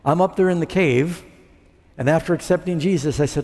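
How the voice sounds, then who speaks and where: A man preaches his testimony in a fairly high, slightly mellow voice at a brisk clip, with a long reverb tail. Telling his story, he acts out the words he spoke back then.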